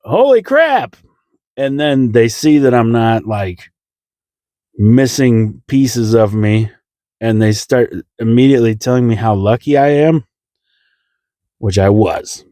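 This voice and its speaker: A young man tells a comic story at his own expense, voicing the others with sudden squeaky jumps. His tone is mellow and relaxed, and the recording is dry and close. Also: slow, pauses often, no room sound. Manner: self-deprecating, acts out voices with big pitch jumps. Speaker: comedian telling a story. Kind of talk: comedic storytelling.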